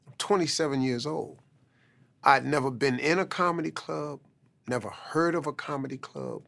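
A man, a comedian, telling a motivational personal story in animated, colloquial speech. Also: fairly high pitch, moderate pace, gravelly. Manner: animated, conversational with colloquial phrasing.

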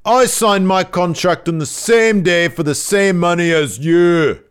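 A man putting on a rough British accent to play a brash, mocking male wrestler, shouting his lines. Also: sits high, measured pace, voice pushed up. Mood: taunting. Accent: put-on British.

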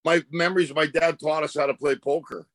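Man sharing relaxed anecdotes. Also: on the high side, a little fast. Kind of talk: casual chat.

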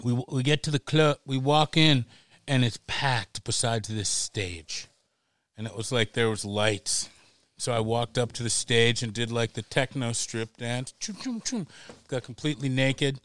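A middle-aged man appears as a podcast guest, recounting a wild story in a loose, animated style while swearing freely and laughing. His voice is mid-range and unhurried, with no echo.

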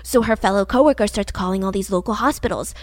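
A woman's voice: mid-range voice, fast talker, no room sound. A woman casually retelling a true-crime story, chatty and full of "like", acting out the quotes. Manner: chatty, peppered with "like", acts out quotes.

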